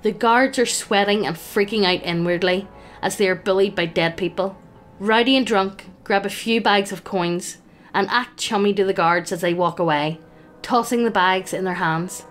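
A woman runs a tabletop game as game master, narrating the scene in a playful, amused way. Her voice sits at a middle pitch. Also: moderate pace, faint music behind.

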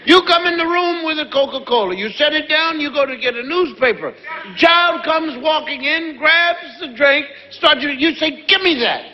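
A man's voice: very high voice, moderate pace, slight background noise. A middle-aged male comedian doing stand-up, telling family stories in a conversational way and acting out the people in them. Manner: conversational, acts out family scenes. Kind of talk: stand-up storytelling. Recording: dull, reverberant live recording.

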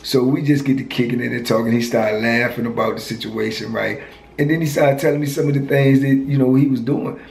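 A man's voice: medium pitch, steady tone, fairly quick, vocal fry, a little mellow. Man in his 50s telling a story, casual slang, mid voice, roomy echo, light background noise. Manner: laid-back street slang, lots of "you know" and "man". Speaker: storyteller, former prisoner.

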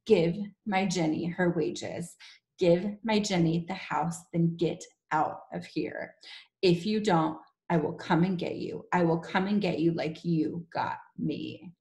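Woman reading a slow ghostly warning. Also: on the low side, gravelly, warm tone. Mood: menacing. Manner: slow, deliberate. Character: ghostly vengeful written warning, menacing. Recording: echoey room.

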